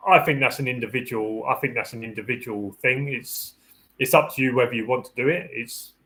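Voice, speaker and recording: In poor audio, a man with a mid pitch and sharp tone talks fairly quickly through dog training tips, hosting a live Q&A as a security dog handler. His practical, conversational delivery circles back and restarts as he thinks, and he plays the dog's thoughts in a raised voice.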